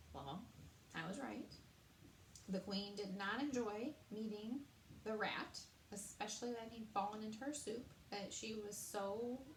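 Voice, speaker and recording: A woman reading a children's story aloud in an animated way, adding chatty asides to her listeners, in a roomy space. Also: fairly high pitch, a little hiss or hum. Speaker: storybook reader. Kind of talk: read-aloud narration with commentary. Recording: roomy echo.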